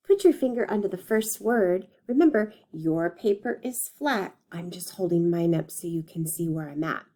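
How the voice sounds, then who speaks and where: A woman teacher with a fairly low, mellow voice leads young children through a phonics lesson. She slowly models words, stretches them out, and encourages the kids.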